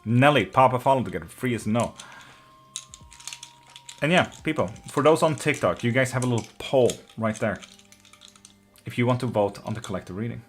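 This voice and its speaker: A man hosts a live tarot stream, chatting loosely with viewers and reading out their comments, with faint music in the background. His voice is mid-range and brisk with long pauses, and he swears freely, laughs often, and gets openly emotional and affectionate.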